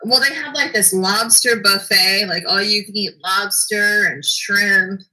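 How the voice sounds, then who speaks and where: Bright lady co-host just chatting on a stream, playful, says like a lot. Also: medium pitch, unhurried, low-quality recording. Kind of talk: casual chat on a livestream.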